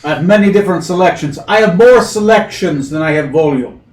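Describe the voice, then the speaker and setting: A woman's voice: on the low side, expressive, fairly quick, a little mellow, lightly acted. A man voicing a stout, brusque human woman in her thirties who runs a tavern, barking greetings and rattling off what she offers. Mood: matter-of-fact. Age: 30s. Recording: echoey room, far from mic, faint hiss.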